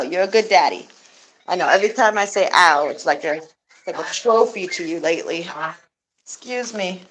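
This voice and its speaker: A woman's voice: medium pitch, a bit bright, slight background noise, poor audio. A woman vlogger chatting casually while doing chores in a goose coop, rambling with fillers and chuckles.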